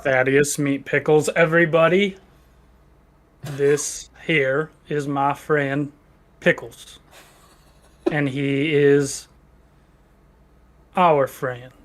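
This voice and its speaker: Slow, flat-voiced man at play. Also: on the high side. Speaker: player. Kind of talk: casual tabletop role-play.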